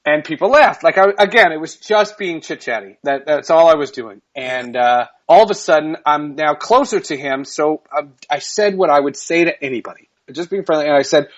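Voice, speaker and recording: A man's voice: on the high side, fairly quick, few pauses, lo-fi sound. A man who works as a sportscaster, telling a story as a guest in a casual podcast interview, chatty and laughing between phrases.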